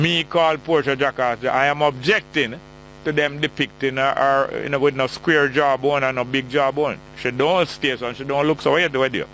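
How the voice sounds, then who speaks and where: A man's voice: medium pitch, moderate pace, fairly bright tone, a little hiss or hum, low-quality recording. A middle-aged man with a Jamaican accent hosting a call-in radio talk show, chatty and joking as he reads out listener texts.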